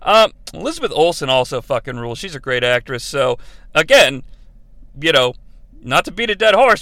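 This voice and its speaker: A man's voice: on the high side, sing-song, moderate pace, sharp tone, dry recording. A man hosting a podcast, rambling and joking through casual wrestling commentary with plenty of swearing. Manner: rambling, profane and jokey, slipping into bits. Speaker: podcast host.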